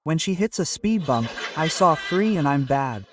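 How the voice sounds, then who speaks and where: A man doing a stand-up routine, telling a story and bantering with the crowd in a loud, animated way. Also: on the high side, measured pace, distant mic, background noise. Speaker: stand-up comedian. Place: comedy stage before a live audience.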